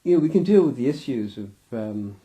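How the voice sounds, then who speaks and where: A man's voice: medium pitch, animated, a little fast, mellow. A man giving a loose, rambling interview, restarting his sentences and acting out little scenes with laughter.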